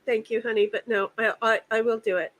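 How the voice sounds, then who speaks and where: A woman hosts a casual livestream from home, her voice high and bright. She vents angrily, curses freely and stumbles over repeated phrases. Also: steady tone, brisk, poor audio. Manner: profane, venting, repeats herself. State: angry and upset. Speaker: stream host.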